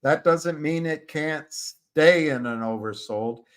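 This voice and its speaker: Male live-stream host, slow, halting chart commentary with restarts. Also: a little high. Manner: halting, restarts mid-phrase, talks to viewers by name. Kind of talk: casual stock chart commentary.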